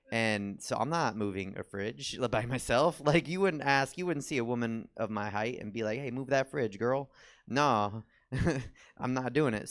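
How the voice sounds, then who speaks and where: A man's voice: mid-range voice, fairly bright tone. A man doing stand-up comedy, telling a rambling, self-mocking story on a comedy theater stage and acting out the quotes.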